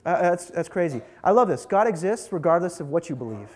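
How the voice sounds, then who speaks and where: Young male preacher, high and very animated voice, jokey and conversational with the crowd. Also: fairly quick. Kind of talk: casual sermon to a live group.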